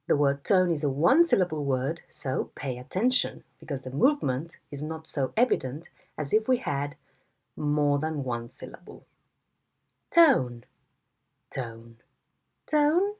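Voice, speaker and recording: A woman teaching a phonetics lesson in a slow, deliberate way, demonstrating tones. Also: deep voice, darkish tone, breathy edge. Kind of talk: video lesson instruction.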